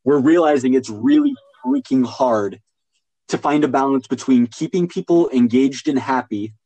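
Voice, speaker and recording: A man's voice: medium pitch, normal speed, dark tone, no echo, low-quality recording. A man hosting a casual podcast conversation, talking with enthusiasm and thinking aloud. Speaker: podcast host.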